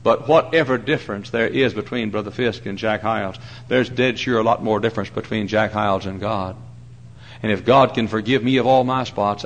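A man preaching a sermon from the pulpit of a large church. He hammers the congregation with repeated questions and swings from hushed asides to loud preaching. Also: medium pitch. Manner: emphatic, presses the crowd with repeated questions. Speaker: pastor.

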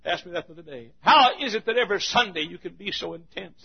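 A middle-aged male pastor preaching an intense sermon, swinging from shouts to hushed, near-quiet passages. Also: high voice, expressive, fast, vocal fry, hardly any pauses, husky, dull audio.

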